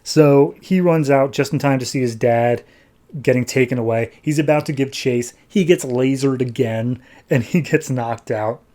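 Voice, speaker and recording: A man hosting a comics podcast, recapping an issue in a breezy, sarcastic way and slipping into quick character voices. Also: mid-range voice, darkish tone. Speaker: podcast host, comics reviewer. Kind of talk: casual comic-book recap.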